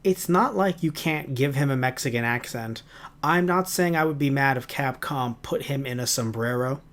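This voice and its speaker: Animated chatty man reviewing a cartoon. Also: mid-range voice. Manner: animated, rambling, quick asides and playful impressions. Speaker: podcast co-host. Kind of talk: casual chat.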